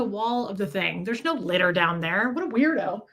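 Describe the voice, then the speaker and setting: A woman's voice: medium pitch, animated, normal speed, fairly bright tone. A woman hosting a casual livestream, rambling through a story and greeting viewers as she goes. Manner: scattered, chatty, greets viewers mid-story. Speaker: livestream host.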